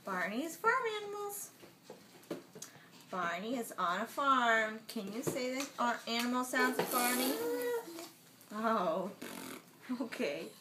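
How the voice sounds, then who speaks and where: A woman with a mother tongue reading a picture book aloud to her baby at home, making the animal sounds in a slow, sing-song way. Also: fairly high pitch, background noise.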